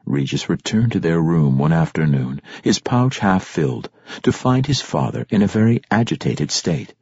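A man narrating a fantasy audiobook in a measured, expressive storytelling manner. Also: low-pitched, husky, dry recording. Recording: dull lo-fi dry recording.

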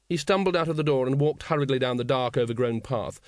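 A man narrating a novel in a wry, expressive storytelling manner. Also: mid-range voice, fast, few pauses, no room sound, studio quality. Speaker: audiobook narrator. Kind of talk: scripted narration.

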